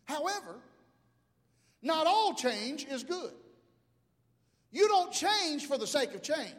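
A man in his fifties from Mobile, Alabama, preaching a sermon as pastor, animated, swinging from shouts to hushed asides. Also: very high-pitched. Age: 50s. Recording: long hall reverb.

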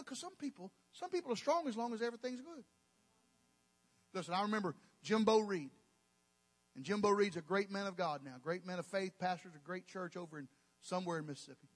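A man's voice: high voice, a little fast, long reverb tail. A male pastor, preaching emphatically with folksy, joking asides. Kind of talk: sermon.

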